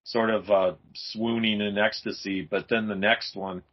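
A husky-voiced man in casual, enthusiastic podcast chat, breaking into laughs as he walks through comic panels. The sound is muffled and lo-fi. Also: lowish voice, steady tone, a little slow. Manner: enthusiastic, laughs often while describing panels.

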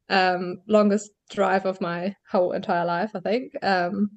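Woman guest, mid-pitched, tells her story candidly with quick laughs. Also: fairly even intonation. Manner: candid, laughs lightly between phrases. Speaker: podcast guest. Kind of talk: personal birth story in an interview.

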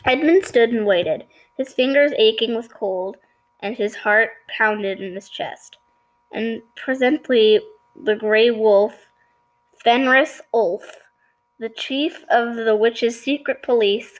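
A woman with a fairly high voice reads a children's novel aloud, chapter by chapter. She sometimes trips on a word, says excuse me and goes back over it. Her delivery is a relaxed, homespun read-aloud. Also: takes it slowly, poor audio. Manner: stumbles and apologizes for slips. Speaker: reader. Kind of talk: reading a children's book aloud.

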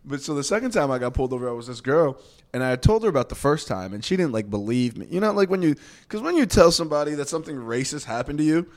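A man's voice: a little high, quick pace. A man co-hosting a casual podcast, telling a story with lots of laughter and acted-out voices. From Chicago. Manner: animated, laughs often, acts out voices in stories. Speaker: podcast co-host.

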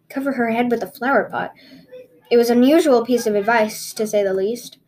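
A woman's voice: fairly high pitch, a little fast, darkish tone. A woman hosting a podcast, reading fairy tales aloud expressively with small stumbles and restarts. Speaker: podcast host and storyteller.

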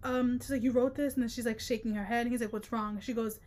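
A woman's voice: fairly high pitch, fast talker, slight background noise. A woman co-hosting a casual book-club podcast, reading passages aloud and riffing on them with exasperated jokes. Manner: animated, reads quotes aloud and riffs with exasperated jokes. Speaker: podcast co-host.

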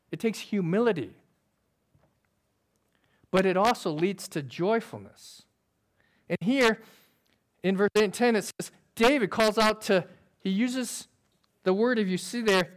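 A man preaching a sermon in an earnest, conversational way, using quick everyday illustrations. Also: sits high. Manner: describes himself as sober by nature.

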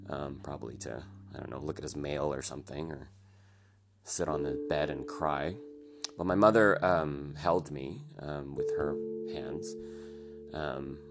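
A young man hosting a podcast, telling a personal story in a soft, halting way with many restarts. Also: very deep voice. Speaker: podcast host. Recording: guitar music playing behind the voice.

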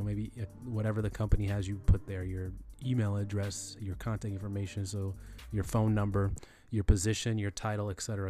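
This screen-recorded tutorial on email etiquette features a man whose voice is on the low side and mellow. His style is loose and conversational, with plenty of restarts, repeated phrases, and fillers.

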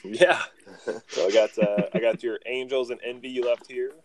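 A man hosting a podcast in casual chat, relaxed and full of fillers as he leads into segments. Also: mid-range voice, moderate pace. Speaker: podcast host.

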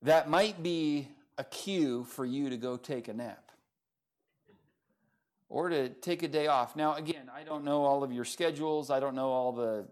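A middle-aged man preaching a sermon, telling stories in a relaxed, conversational way with many fillers and small chuckles. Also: medium pitch, unhurried. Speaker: pastor.

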